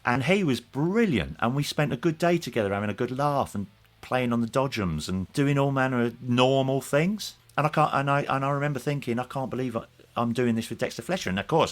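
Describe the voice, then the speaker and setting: A man chatting as a podcast guest, his voice sitting at an ordinary middle pitch. He tells his anecdotes loosely, breaking off to restart sentences and slipping small chuckles in mid-thought. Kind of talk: casual interview chat.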